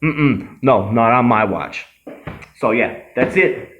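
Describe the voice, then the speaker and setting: A man's voice: medium pitch, takes it slowly, phone-quality sound, soft background music, pitched above the performer's own voice, close to an everyday voice. A man doing a cocky, swaggering tough guy. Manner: cocky, rambling, swearing, self-aggrandizing. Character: brash boastful swaggering young tough guy. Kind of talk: comedy sketch character.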